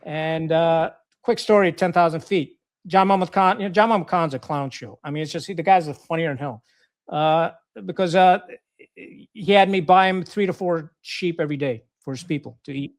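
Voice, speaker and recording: His voice sits on the high side and moves fairly quickly. A retired Marine officer, middle-aged and from Pakistan, he shares war stories as a podcast guest in loose conversation, bluntly and profanely, with lots of fillers and false starts.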